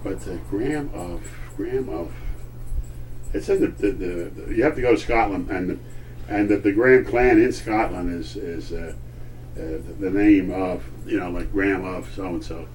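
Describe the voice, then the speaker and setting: An older man, a grandfather, telling family history in a halting way, often searching for words and repeating himself. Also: low-pitched, a little mellow. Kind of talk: casual storytelling at home. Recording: distant old home recording with faint hiss.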